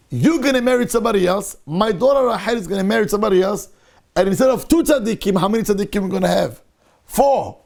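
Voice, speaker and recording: Rabbi teaching a Torah class, high gravelly voice, animated, drops low to quote verses. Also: male voice. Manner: animated, acts out the figures' words with mixed Hebrew phrases. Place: synagogue.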